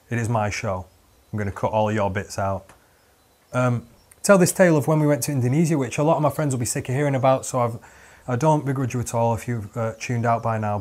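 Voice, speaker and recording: A man's voice: mid-range voice, a little mellow. A young adult man hosting a podcast, telling a comic story in a rambling way with lots of fillers and restarts. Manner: rambling, self-interrupting with many fillers. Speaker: podcast host. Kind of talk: casual comedic storytelling.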